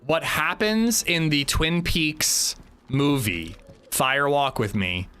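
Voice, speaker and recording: A man's voice: on the high side, slow, sharp tone, smooth. A man streaming a video game live, chatting casually and bluntly to his viewers, rambling with swearing and restarts. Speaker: gaming livestreamer. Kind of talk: casual live gameplay chat.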